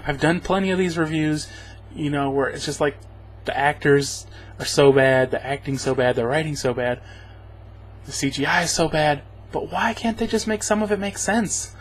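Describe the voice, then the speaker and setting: Casual male reviewer, higher-pitched, wry and rambling, laughs through his recap. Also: normal speed. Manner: rambling and sarcastic, chuckling often. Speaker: movie reviewer. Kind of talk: casual spoken film review.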